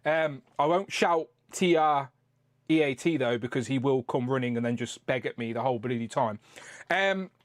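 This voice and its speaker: A man's voice: medium pitch, dry recording. A man hosting a toy-collecting live stream in a casual, rambling, chatty way, swearing freely.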